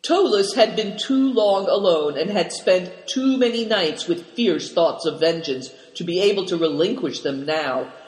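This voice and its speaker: A male storyteller with a high voice reads a novel aloud, lifting his voice for the characters' lines. The recording sounds roomy, with a long reverb tail. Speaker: audiobook narrator. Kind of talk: scripted narration.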